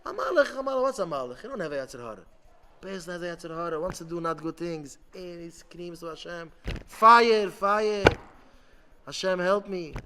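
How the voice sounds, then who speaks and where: Impassioned rabbi preaching in a hall. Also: male voice, a little high, lively intonation, a little hiss or hum. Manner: impassioned, halting with many restarts, bursts into shouting. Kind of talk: sermon. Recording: long hall reverb.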